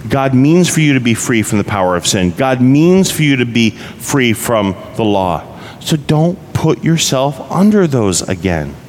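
A man's voice: mid-range voice, very animated, measured pace, a little mellow. A pastor preaching a conversational sermon, asking his listeners rhetorical questions. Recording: reverberant hall, faint background noise.

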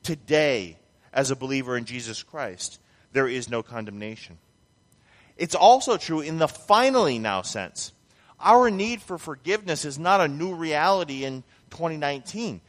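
A man delivers a sermon in a church sanctuary, pressing hard on repeated phrases for emphasis. His voice sits a little high for a man. The sound carries a long hall reverb. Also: animated, normal speed. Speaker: pastor.

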